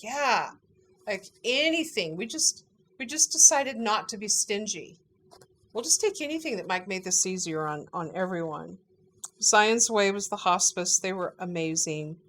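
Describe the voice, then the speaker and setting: A woman in casual conversation, recalling family events in a chatty, animated way and laughing often. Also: medium pitch, slight background noise. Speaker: family member recounting a parent's final weeks.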